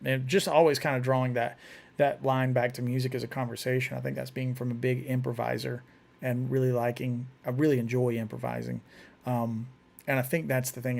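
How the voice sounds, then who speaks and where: A man's voice: mid-range voice, steady tone, fairly quick, creaky. A man hosting a casual live stream, chatting loosely and often restarting his words while he demonstrates on guitar. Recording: guitar playing in the background.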